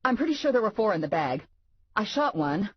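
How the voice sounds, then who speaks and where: A woman voicing a rattled young female bounty hunter, shrill and jumpy, in an audiobook. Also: very animated, brisk, slightly rough, dull audio.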